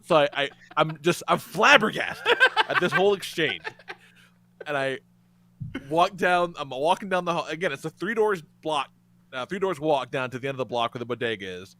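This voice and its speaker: A man's voice: fairly high pitch, moderate pace. A man hosting a podcast and telling a story in casual chat, swearing often, laughing and acting out the other people's lines. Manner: animated, laughing, swearing, acts out quotes. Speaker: podcast host.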